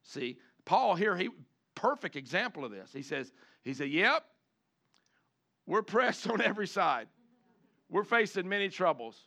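A man preaching a sermon, animated, switching between chatty asides and loud shouted lines, acting out the people he quotes. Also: sits high, a little slow, gravelly, long pauses. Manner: acts out the congregation and the people he quotes. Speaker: pastor.

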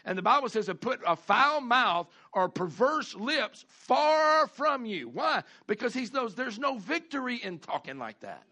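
Male pastor, high bright voice, folksy sermon delivery with call-and-response. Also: very animated. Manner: folksy preaching with call-outs, repeats and drawn-out emphasis.

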